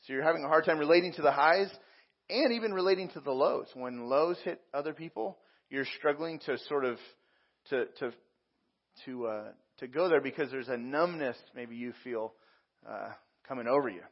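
A man's voice: mid-range voice, normal speed, muffled recording. A man preaching a sermon as a pastor, talking conversationally with frequent repeats and fillers.

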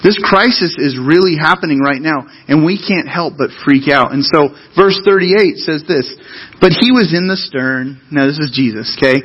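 A man's voice: on the high side, moderate pace, breathy edge, lo-fi sound. A man preaching a sermon as pastor, talking to the congregation in a loose, conversational, storytelling way.

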